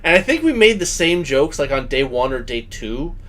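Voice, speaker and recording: Animated young man joking around. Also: mid-range voice, normal speed. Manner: animated, jokey, acts out bits with gasps. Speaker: podcast co-host. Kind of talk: casual chat.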